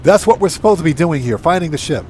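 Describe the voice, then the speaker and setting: A man's voice: on the high side, expressive, fast, a little mellow, a little hiss or hum. A man streaming a game live, telling dad jokes, laughing at his own punchlines and reading chat messages aloud.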